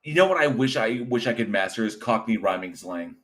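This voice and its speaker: A man chatting casually on a livestream, animated, laughing often and trailing off mid-thought. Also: on the low side, fairly quick.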